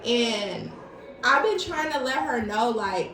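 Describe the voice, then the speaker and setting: A woman's voice: a little high, slow, a little hiss or hum. A young adult woman co-hosting a podcast, chatting casually and telling stories animatedly. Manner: animated storytelling, acts out quoted conversations. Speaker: podcast co-host. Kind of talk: casual chat. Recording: echoey room, distant mic.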